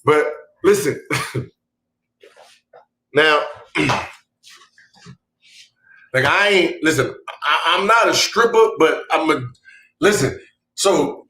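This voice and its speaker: A man hosting a podcast, telling a comic story with bursts of laughter, shouted punchlines and mouthed sound effects. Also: fairly high pitch, lively intonation, slow, pauses often, echoey room, slight background noise. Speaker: podcast host. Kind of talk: comedic storytelling.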